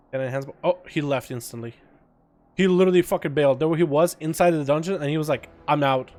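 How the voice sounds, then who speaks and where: A man's voice: on the high side, a little mellow. Young male streamer, casual commentary, laughs and swears easily, faint music underneath. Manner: laid-back, laughs often, swears casually. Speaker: gaming streamer. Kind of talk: casual gaming livestream commentary.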